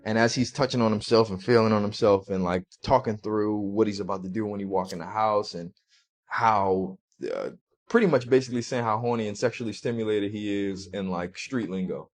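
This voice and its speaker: A man recounting a personal story as an interview guest, halting and restarting often. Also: on the low side.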